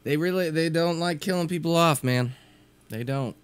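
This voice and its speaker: A man's voice: a little high, normal speed, clear, resonant tone. A young man co-hosting a podcast in casual chat, dry and laconic. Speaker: podcast co-host.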